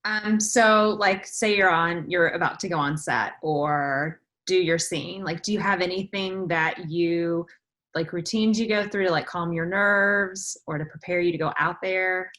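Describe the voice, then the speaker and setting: A woman podcast host asking interview questions in a hesitant, halting way. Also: lowish voice, fairly bright tone.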